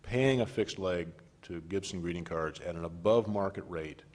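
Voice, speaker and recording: Deep-voiced middle-aged man on a panel. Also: darkish tone. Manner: measured, repeats words while gathering thoughts. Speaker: panelist on risk management. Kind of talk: panel discussion answer.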